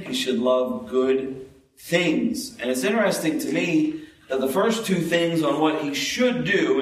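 Slow-preaching pastor in an echoey church. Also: male voice, mid-range voice. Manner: slow, emphatic preaching with repeated phrases. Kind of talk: sermon. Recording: echoey room, distant mic.

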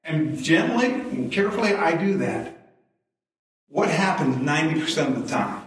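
Folksy preacher in an echoey church. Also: male voice, fairly high pitch, lively intonation, normal speed, distant mic. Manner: folksy storytelling, chuckles at own jokes. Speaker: pastor. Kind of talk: sermon. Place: church sanctuary. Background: congregation responses.

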